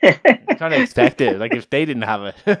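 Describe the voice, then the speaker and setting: A man's voice: mid-range voice, huge pitch swings, moderate pace, fairly bright tone, no room sound, clean studio sound. A young Irish man with a Kildare accent, a podcast co-host telling stories in casual chat, rambling, swearing and laughing often.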